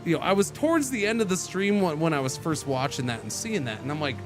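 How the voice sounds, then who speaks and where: A fast-talking man with a slightly high voice streams a game as background music plays. He chats casually, spinning an animated, meandering story with many restarts.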